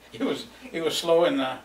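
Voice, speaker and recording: With a slightly high voice, a steady tone and a measured pace, an older man reminisces about his youth. His oral-history storytelling rambles, is sprinkled with chuckles and leans heavily on fillers. The mic sits at a distance in a roomy room, so there's faint ambience plus slight background noise.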